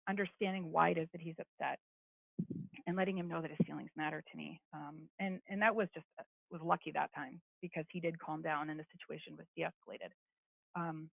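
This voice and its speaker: A woman gives a webinar talk in an earnest, steady way, her voice dipping into a gravelly fry. The sound is thin and phone-like, and dry with no room around it. She fills her pauses with plenty of ums. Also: on the low side, no room sound. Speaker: brain injury behavior specialist presenting a webinar. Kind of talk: webinar presentation. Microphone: webinar call audio.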